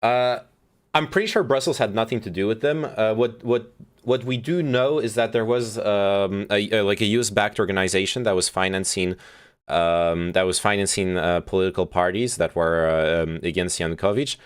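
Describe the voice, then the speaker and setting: A man hosting a stream, giving casual commentary on a played speech in a halting way, with many fillers and restarts as he thinks aloud. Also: on the low side, clean tone. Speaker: streamer host.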